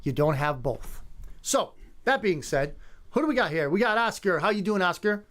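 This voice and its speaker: High-voiced man in his fifties hosting talk radio. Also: lively intonation, normal speed, fairly bright tone. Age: 50s. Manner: conversational, emphatic, greets callers by name. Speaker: radio host.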